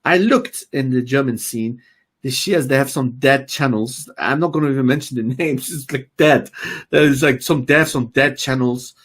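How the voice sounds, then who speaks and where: Interview host, male, husky voice, mid pitch, urges and exhorts, slips in Arabic phrases. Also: moderate pace, fairly bright tone. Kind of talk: online interview.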